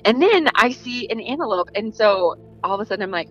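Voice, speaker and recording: A woman telling a story in a casual, animated way, laughing and imitating the people in it. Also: fairly high pitch, fast, hardly any pauses, lo-fi sound, faint music behind. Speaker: guest storyteller.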